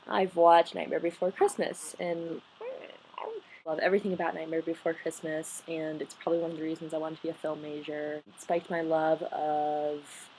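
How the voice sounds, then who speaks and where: A young woman from Colorado chatting casually to camera in a home vlog, bubbly and gushing with quick asides. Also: on the low side, slight background noise. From Colorado, United States. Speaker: vlogger. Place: home bedroom.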